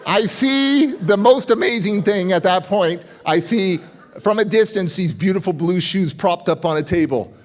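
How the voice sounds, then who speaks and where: A man with a notably high speaking voice delivers a motivational keynote. He tells stories in an animated way and acts out the dialogue of the people in them. He sounds middle-aged. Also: normal speed. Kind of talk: storytelling keynote speech.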